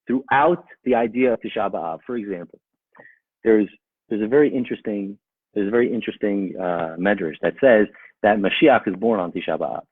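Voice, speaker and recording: A man's voice: fairly low pitch, brisk, husky, no room sound. A man speaking as a rabbi, giving a rhetorical talk that argues with imagined objections and builds to emphatic peaks. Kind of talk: animated Torah talk. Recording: tinny phone-like sound, dry.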